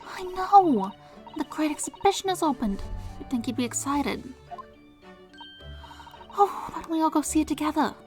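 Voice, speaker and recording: A woman's voice: high voice, animated, normal speed, pauses often, darkish tone, voice pushed up. Woman reading as an eager young girl. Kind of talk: reading game dialogue aloud. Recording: game music behind.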